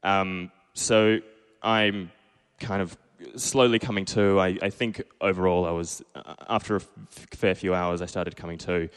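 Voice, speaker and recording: A man's voice: sits low, steady tone, a little slow, clean tone, big-room sound. A young man in his twenties from Perth with an Australian accent, telling a self-deprecating true story live on stage and acting out his own past lines. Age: 20s. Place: small pub stage.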